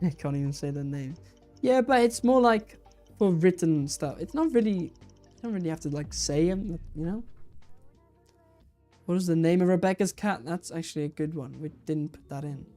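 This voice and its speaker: Low-voiced woman hosting a chatty livestream. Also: animated, normal speed, dark tone, soft background music. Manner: chatty, giggly, trips over words. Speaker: livestream host running a quiz. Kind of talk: casual live-stream chat.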